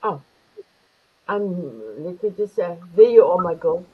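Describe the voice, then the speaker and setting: A woman's voice: lowish voice, very animated, a little slow, breathy edge, phone-quality sound. An older woman hosting an online talk show, effusive and calling her guests beautiful. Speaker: host. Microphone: video call.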